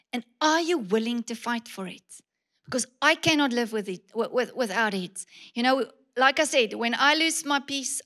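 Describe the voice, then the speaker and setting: A woman pastor with a high voice preaches a sermon. She is emphatic, repeats key words for weight, and keeps asking her congregation direct questions. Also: a bit bright.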